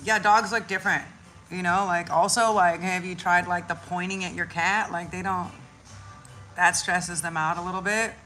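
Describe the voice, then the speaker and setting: On the low side and at a moderate pace, her voice comes with faint music behind it. This spiritual content creator talks casually and slangily about spirituality, swearing freely and performing little voices as she tells stories.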